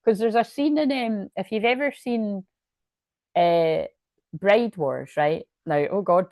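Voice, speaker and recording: A woman's voice: medium pitch, measured pace, a little mellow, no room sound, studio quality. A woman giving a casual, rambling tarot reading, laughing often and restarting sentences. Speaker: tarot and astrology reader.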